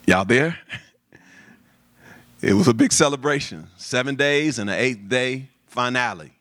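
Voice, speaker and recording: A man's voice: medium pitch, measured pace, no room sound. A man preaching a sermon, repeating phrases and calling out to the congregation. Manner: lively preaching with repetition and call-and-response. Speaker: pastor.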